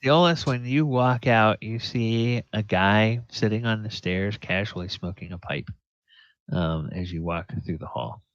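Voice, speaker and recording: A man's voice: lowish voice, unhurried, no room sound. A man running a tabletop game as game master, easygoing and hesitant with fillers, over an online voice call. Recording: dull lo-fi voice-call audio.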